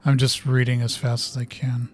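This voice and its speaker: A man talks his way through a horror video game in casual let's-play commentary. He thinks aloud, mutters to himself and reads in-game notes as he goes, pausing and restarting his thoughts. His voice sits at an ordinary middle pitch for a man. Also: monotone, faint music behind.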